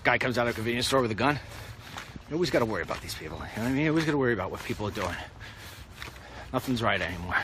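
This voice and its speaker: A political commentator walks outdoors with street traffic passing, delivering a blunt, rambling monologue straight to the camera in a walk-and-talk vlog. His mid-range voice is expressive and very fast, and he pauses often.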